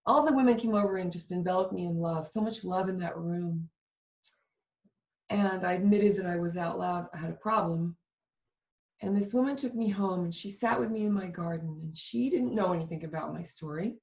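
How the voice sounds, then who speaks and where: A woman's voice: on the low side, moderate pace, a little mellow, roomy sound. A woman host telling a heartfelt personal story in a candid, vivid way during a conversation. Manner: emotional, vivid confessional storytelling. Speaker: show host.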